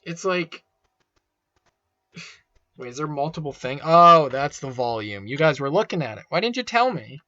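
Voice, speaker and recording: A man's voice: on the high side, lively intonation, normal speed, long pauses, pushed and bright, no echo, muffled recording. A young man rambling casually and swearing as he unboxes and sets up a microphone at home. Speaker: video creator. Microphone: desk microphone being set up.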